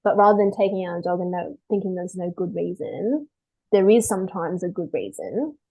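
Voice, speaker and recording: A woman dog behaviourist talking through a webinar, lively and chatty, acting out owners in quick quotes. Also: on the low side, gravelly, husky, rough recording. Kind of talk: webinar talk.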